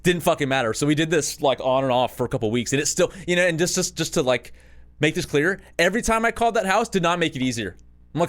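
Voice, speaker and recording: A man's voice: a little high, expressive, fast talker, a bit bright. Rambling, profane man telling a story. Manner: rambling, profane, self-mocking anecdotes with laughter. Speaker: podcast host. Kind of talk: casual storytelling.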